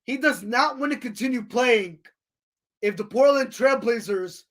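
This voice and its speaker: Excitable high-voiced sports podcast man. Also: a little slow. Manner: excitable, repeats "folks" and "ladies and gentlemen", many restarts. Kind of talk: solo sports podcast, scores and picks.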